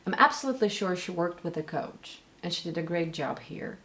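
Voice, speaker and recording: A Russian woman with a Russian accent gives pronunciation lesson commentary, demonstrating sounds by repeating words and individual sounds. Her fairly low voice is expressive, brisk and fairly bright in tone.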